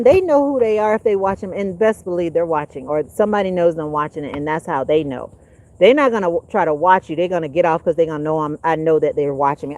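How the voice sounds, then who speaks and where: A woman hosting a livestream, giving her viewers a blunt, preachy and profane rant that swings between loud and hushed. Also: fairly low pitch. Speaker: livestream host.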